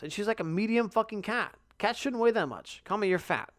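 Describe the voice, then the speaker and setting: A young man talking alone on his podcast, swearing freely and telling stories with loud outbursts. His voice sits a little high for a man. He sounds sleepy now and then, stifling yawns. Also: fairly quick. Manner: profane, animated storytelling with loud outbursts. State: yawning, sleepy. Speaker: podcast host. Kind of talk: casual solo podcast monologue.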